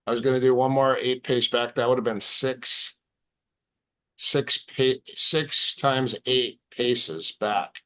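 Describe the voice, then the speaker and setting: A man, a martial arts instructor on a podcast as a guest, telling stories in a casual, animated, halting way. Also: mid-range voice. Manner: animated, halting, repeats words. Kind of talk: casual storytelling.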